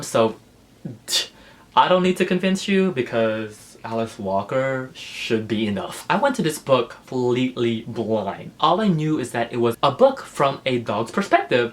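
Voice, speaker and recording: A man chatting on his book vlog, gushing and emotional, filling his talk with fillers and laughing through the feeling. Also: mid-range voice. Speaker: book vlogger. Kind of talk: casual book review vlog.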